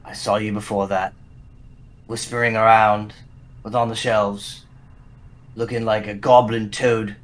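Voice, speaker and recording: A man's voice: fairly low pitch, little pitch movement, unhurried, long pauses, close to an everyday voice. A man voicing a stern, protective male dwarf hunter who talks bluntly and threateningly. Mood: accusing.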